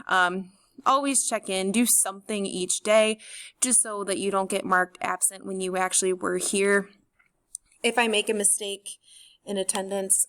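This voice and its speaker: A young woman teacher walks through a recorded class overview over a screen recording. Her voice sits at an ordinary middle pitch. She is friendly and organized, with an um now and then. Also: fairly bright tone. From St. Louis, USA. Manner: friendly, organized, with frequent ums. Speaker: high school chemistry teacher.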